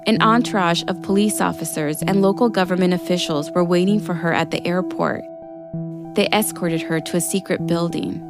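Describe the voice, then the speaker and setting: Low-voiced woman narrating over music. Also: fairly even intonation, moderate pace. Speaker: podcast narrator. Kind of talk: scripted narration.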